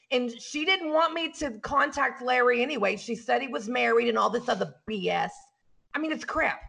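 A woman voicing a brash, flirty realtor who calls herself a cougar, loud, bossy and catty in an improvised comedy sketch. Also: high voice, creaky. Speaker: comic character in a podcast sketch.

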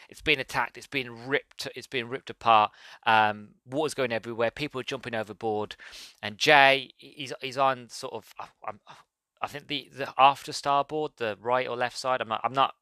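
Male podcast host, casual rambling book review, eager and animated, bright edge, no room sound. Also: mid-range voice, moderate pace, no echo. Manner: enthusiastic, rambling, self-correcting.

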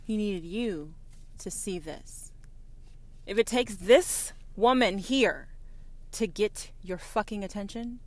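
A woman hosting her own podcast, talking in a defiant, profane, preachy monologue that swings between quiet musing and loud outbursts. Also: mid-range voice, slow. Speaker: podcast host.

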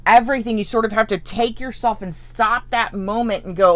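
A woman's voice: a little high, brisk, no room sound. A woman teaching a spiritual coaching lesson in an earnest way, often checking in with "right?" and "okay?" and acting out what her listeners might think. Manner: acts out listeners' inner voice.

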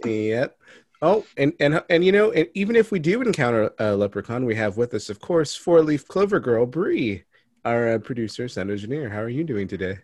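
A man's voice: mid-range voice, lively intonation, normal speed, darkish tone, no echo. Jokey man hosting a podcast. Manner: jokey, laughs often, recaps with restarts. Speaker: podcast host. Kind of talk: casual podcast chat.

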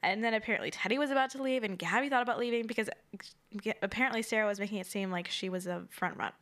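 A woman's voice: medium pitch, racing, fairly bright tone. A woman co-hosting a podcast in casual recap chat, chatty and opinionated with lots of "like" fillers. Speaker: podcast co-host.

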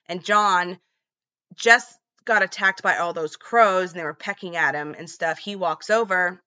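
Woman with a bright, tense voice. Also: lowish voice, measured pace, lo-fi sound. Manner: chatty, many fillers and "like". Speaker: movie recap vlogger. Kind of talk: casual plot retelling.

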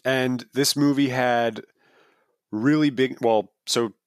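Man, podcast co-host, casual rambling chat, lots of "like", middle pitch, dry. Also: fairly even intonation, slow pace, no room sound. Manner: rambling, many fillers and restarts.

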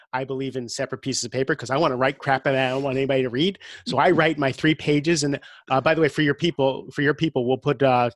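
A man's voice: medium pitch, dry recording. A middle-aged man speaking earnestly as an interview guest, often repeating words as he thinks aloud. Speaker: guest coach. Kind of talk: conversational interview.

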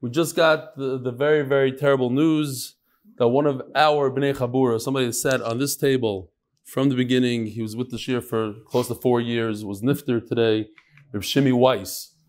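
A man's voice: medium pitch, steady tone, moderate pace. A man teaching a live class, reading out listener messages and adding casual asides, full of Yiddish and Hebrew terms.

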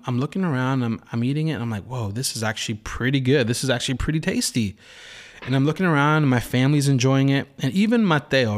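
A man in his thirties hosts a casual faith talk in a middle-pitched voice. He rambles through a family story, restarting his sentences and acting out his own thoughts. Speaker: host.

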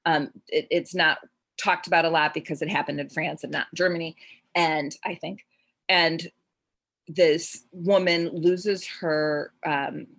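A middle-aged woman with a low voice tells a story in an easy, rambling way. She restarts sentences and leans on fillers as she goes, like a medium recounting a reading on a podcast. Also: steady tone, a little slow, fairly bright tone. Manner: rambling, self-interrupting, with frequent "like" and "um".

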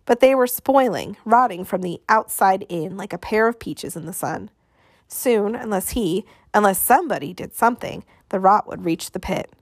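A woman with a mid-range voice narrates an audiobook in a measured, expressive style marked by dramatic pauses. It's studio quality, with no room sound.

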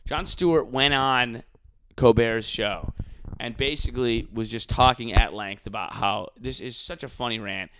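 A man in casual podcast chat, ranting with animated profanity. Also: mid-range voice, measured pace, noisy background.

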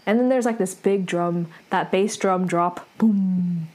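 A woman's voice: lowish voice, takes it slowly, warm tone. A young adult woman casually retelling a drama episode, talking loosely with lots of fillers and small laughs. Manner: chatty, filler-heavy with frequent "like", laughs between lines. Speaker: drama recapper.

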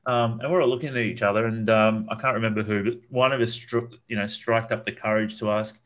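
Man, low voice, rambling anecdote with plenty of ums and restarts. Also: steady tone, fairly quick, fairly bright tone, lo-fi sound. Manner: rambling, with many fillers and repeated words. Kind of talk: casual storytelling chat.

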